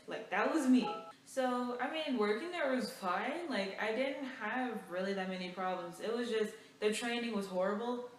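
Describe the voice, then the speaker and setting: A young woman vlogger telling a story in a lively, chatty way, full of fillers. She sounds a fair way from the mic in a very echoey room. A faint hiss sits under her voice. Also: fairly high pitch, moderate pace, few pauses, recorded from a distance. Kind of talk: casual storytime.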